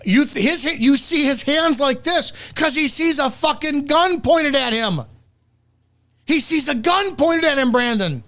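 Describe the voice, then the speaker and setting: A man's voice: extremely high pitch, lively intonation, measured pace, a bit bright. Heated, profane male commentator. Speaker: commentator and host. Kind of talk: reaction commentary.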